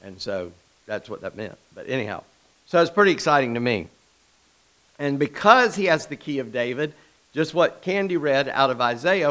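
A man's voice: mid-range voice, fairly bright tone, rough recording. A man preaching an informal sermon in a small church, folksy and conversational, with asides and restarts. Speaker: pastor.

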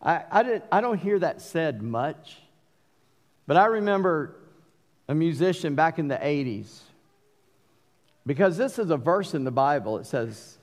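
A middle-aged man with a Southern accent preaching a sermon, mixing forceful emphatic bursts with folksy asides. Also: a little high, animated, unhurried, pauses often. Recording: long hall reverb.

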